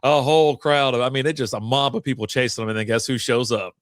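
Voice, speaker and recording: A man's voice: medium pitch, steady tone, quick pace. A man co-hosting a casual movie review chat who laughs often while animatedly retelling scenes. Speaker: podcast co-host.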